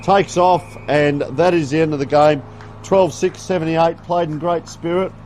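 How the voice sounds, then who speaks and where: A man's voice: fairly high pitch, fairly even intonation, a little slow, darkish tone, a little hiss or hum. Chatty man calling local football. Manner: chatty, folksy play-by-play with asides. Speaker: sports commentator. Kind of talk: live local football commentary. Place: outdoor football ground.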